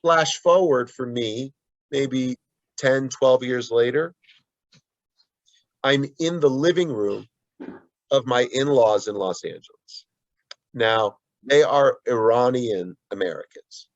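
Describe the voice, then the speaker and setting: A man's voice: medium pitch, takes it slowly, long pauses, no echo, lo-fi sound. A man being interviewed as an author, answering earnestly with frequent restarts and asides. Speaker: guest author.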